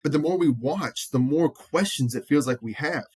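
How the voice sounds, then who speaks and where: A man's voice: fairly high pitch, normal speed, a little mellow, husky, no echo. A man co-hosting a sports podcast, talking bluntly and animatedly and swearing freely as he acts out quotes. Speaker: podcast co-host. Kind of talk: casual sports chat.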